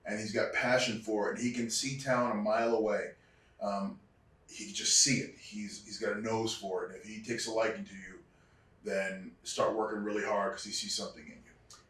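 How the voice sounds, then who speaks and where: A man's voice: on the low side, flat delivery, brisk, fairly bright tone. A man, a former wrestler, tells reflective stories in an interview, restarting often and acting out the people he quotes. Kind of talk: storytelling interview. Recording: echoey room, distant mic.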